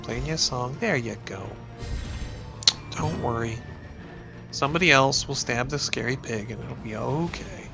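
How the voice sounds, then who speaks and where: This is a gravelly-voiced man in his thirties giving let's-play commentary while fighting off a cold, a little sniffly. He rambles in a chatty way and talks straight to the characters on his screen. Loud game music plays behind him. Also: medium pitch, unhurried, long pauses. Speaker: gaming YouTuber and teacher.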